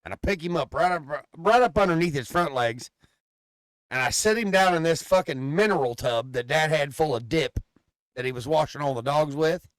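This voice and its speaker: A man co-hosting a casual podcast, telling long, profane, animated stories about his dog. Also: fairly high pitch, normal speed, dry recording. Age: adult father. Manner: profane, animated rambling storyteller. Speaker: podcast co-host. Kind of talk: casual chat, storytelling.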